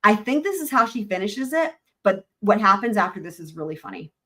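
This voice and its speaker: A woman's voice: mid-range voice, very animated, fairly quick, sharp tone. A woman hosting a live stream, reacting to a court clip in blunt, rambling casual commentary full of fillers. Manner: blunt, rambling, uses many fillers and swears.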